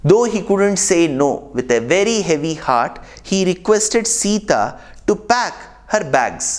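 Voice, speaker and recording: Earnest male epic storyteller. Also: sits high. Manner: earnest, chants verses. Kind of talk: religious storytelling discourse.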